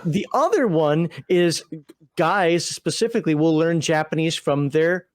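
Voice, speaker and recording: Man, fairly high voice, quick stammering panel talker. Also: expressive. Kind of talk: casual panel chat.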